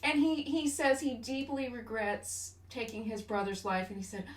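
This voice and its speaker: A woman co-hosting a podcast in casual chat, animated and emotional as she retells favorite scenes. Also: fairly high pitch, normal speed. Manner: animated and emotional, gushing about film moments. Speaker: podcast co-host. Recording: roomy room, mic at a distance.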